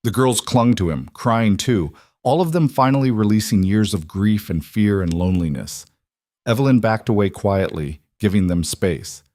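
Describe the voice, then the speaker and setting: A man narrating a romance story in a measured, dramatic way. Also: lowish voice, animated, warm tone, dry recording, studio quality.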